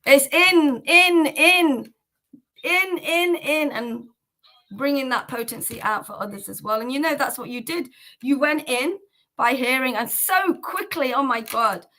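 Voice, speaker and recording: A woman with a bright, tense voice sitting a little above the usual female pitch. She hosts a devotional livestream and chats casually to viewers. She rambles fervently and leans often on "you know". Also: unhurried, rough recording. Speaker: host of a devotional chanting livestream.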